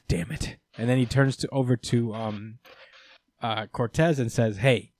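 A man co-hosting a casual podcast, recapping a comic storyline with plenty of laughter and offhand asides. His voice sits at an ordinary middle pitch, and the room is dry and close. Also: no echo. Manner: laughing, rambling, quick character voices. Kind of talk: casual comedic recap chat.

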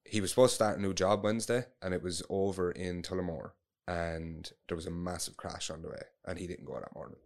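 Deep voiced irish guy rambling thru a story, swears a lot, lots of restarts. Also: steady tone, brisk, few pauses. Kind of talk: casual storytelling.

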